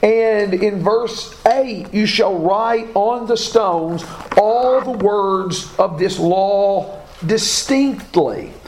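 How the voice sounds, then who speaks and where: A man with a high, slightly mellow voice teaches a Bible class very slowly, reading scripture aloud, asking his students questions, and correcting himself. The room is echoey, with faint background noise.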